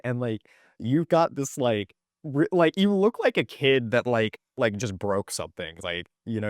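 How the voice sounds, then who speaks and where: A man's voice: medium pitch, clear, resonant tone, no room sound, clean studio sound. A young adult man, a podcast guest, telling a story in casual chat, acting out the quoted lines with lots of fillers.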